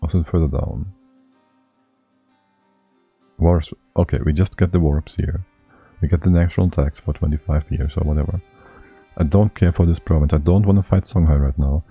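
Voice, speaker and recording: A man live-streaming a strategy game, talking his moves through half to himself. His voice sits very low and dark, with a husky edge to it. He mutters and chuckles between thoughts. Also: fairly even intonation, moderate pace, pauses often, soft background music.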